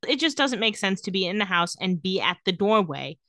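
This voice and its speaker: A woman's voice: medium pitch, sing-song, a little fast, sharp tone, no room sound, clean studio sound. A woman co-hosting a podcast, recapping episodes in casual chat and acting out lines with jokes. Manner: recaps scenes, acts out quotes with jokes. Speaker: podcast co-host.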